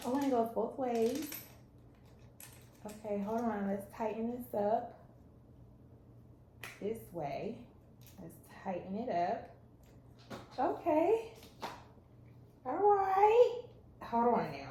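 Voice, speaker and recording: A woman chatting excitedly to her viewers while setting things up at home, talking herself through each step. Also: fairly high pitch, slow, pauses often. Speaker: small business owner and stay-at-home mom. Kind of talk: casual vlog chat. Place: at home, indoors. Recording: roomy echo, faint background noise.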